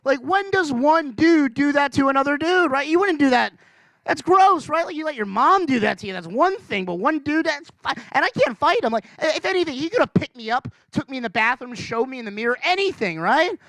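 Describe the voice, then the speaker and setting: Man, stand-up comic, rambling, self-deprecating, high voice, dry sound. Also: fairly quick, dry recording. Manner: energetic, pitch jumping up for emphasis. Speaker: stand-up comedian. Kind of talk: stand-up comedy set.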